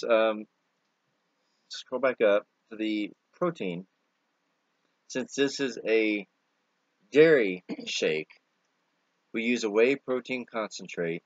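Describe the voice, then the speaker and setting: A man's voice: fairly low pitch, no echo, dull audio. A man co-hosting a product talk, earnestly explaining points and repeating the key ones.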